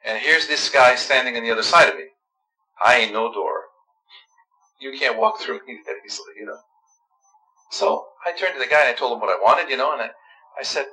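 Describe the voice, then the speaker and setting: A man who is an Orthodox priest, giving a sermon with lively storytelling and quoted dialogue. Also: mid-range voice, brisk, pauses often, husky, soft background music, low-quality recording.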